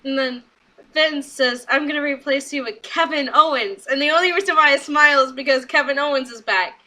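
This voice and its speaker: A young woman recapping a wrestling show in a casual vlog, chatty and excitable, quoting people in quick asides. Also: high voice, low-quality recording.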